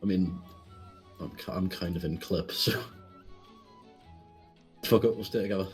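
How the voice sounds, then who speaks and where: Man, tabletop player, deep voice, crude jokes, faint music behind. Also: a little slow, breathy edge. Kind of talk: casual chat at a tabletop game.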